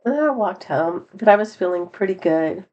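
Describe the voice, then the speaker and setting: A woman's voice: mid-range voice, expressive, brisk, a little mellow, dull audio. A middle-aged woman telling a rambling personal story in a casual vlog, laughing often and lifting her voice for quoted lines. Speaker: vlogger.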